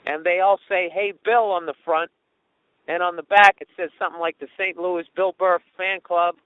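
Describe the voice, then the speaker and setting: Comic host, high voice, swearing storyteller, tinny dry lo-fi sound. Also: male voice, normal speed, no room sound. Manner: profane, animated, does mocking voices of others. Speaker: comedian podcast host. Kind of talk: storytelling monologue.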